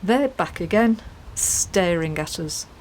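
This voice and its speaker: A woman's voice: on the low side, animated, slow, a little mellow, a little hiss or hum. A woman from the UK vlogging a van trip, chatting and laughing casually. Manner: giggly, chatty. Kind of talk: casual travel chat and voice-over.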